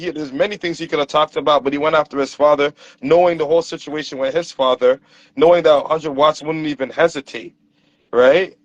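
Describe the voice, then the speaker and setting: A man's voice: on the high side, no room sound. A man joining a livestream by phone, giving rambling commentary full of repeated fillers. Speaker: livestream guest. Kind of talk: casual commentary. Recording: dull lo-fi phone audio.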